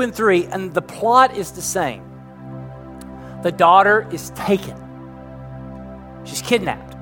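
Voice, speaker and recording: A man preaching a sermon as pastor, building intensity toward emphatic points. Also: high-pitched.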